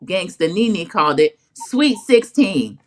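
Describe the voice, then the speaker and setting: A woman's voice: fairly low pitch, sing-song, takes it slowly. A woman co-hosting an online talk show, recapping a reality series in a chatty, opinionated way. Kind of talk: casual recap chat.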